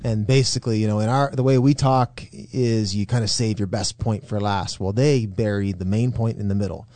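A man's voice: lowish voice, steady tone, normal speed, dark tone, no echo. A middle-aged man, a pastor hosting a podcast, talking casually and animatedly, laughing and restarting his phrases. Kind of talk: casual chat.

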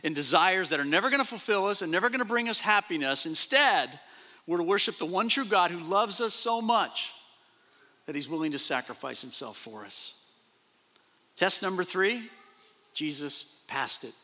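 A man pastor preaching a sermon, animated, repeating phrases and acting out quoted speech. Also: high voice, moderate pace. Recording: long reverb of a large hall.

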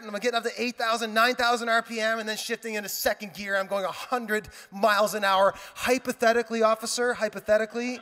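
A male pastor preaches a sermon in a high, bright voice. His words ring out with a long hall reverb. He slips into storytelling, acting out quoted lines and tossing in playful asides. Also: flat delivery, fairly quick, hardly any pauses.

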